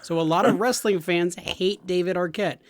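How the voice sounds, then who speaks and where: A man's voice: sits high, fairly even intonation, moderate pace, dry recording. A middle-aged man co-hosting a casual gaming podcast, chatting with joking, teasing banter. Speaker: podcast co-host.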